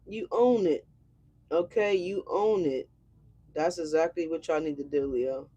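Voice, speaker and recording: A woman's voice: low-pitched, unhurried, warm tone, slightly rough, lo-fi sound. A woman doing a casual tarot reading, chatty and brash, swearing freely and talking straight to her viewers. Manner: chatty, brash and profane, addresses viewers directly. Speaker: tarot reader.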